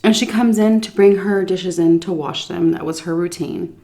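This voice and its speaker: Woman vlogger telling a storytime, slightly low voice, laughs a lot, acts out the quotes. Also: normal speed. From United States. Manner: animated storytelling, laughs often, quotes people. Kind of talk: storytime chat.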